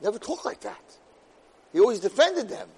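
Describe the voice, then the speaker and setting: A man with a high voice teaches a class on the weekly Torah portion. He moves between Hebrew verses and English explanation. His delivery rises to loud outbursts and drops to near whispers. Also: big pitch swings, moderate pace, creaky, breathy edge, low-quality recording. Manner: dramatic, swings loud and soft, weaves Hebrew verses into English. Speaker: Torah lecturer.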